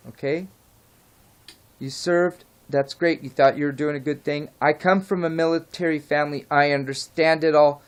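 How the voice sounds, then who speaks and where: A man vlogging an unscripted rant, his voice sitting a little higher than most men's. He talks heatedly, rambles, drifts off topic and throws in the odd curse before apologizing. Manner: rambling, heated, goes off track; swears and apologizes.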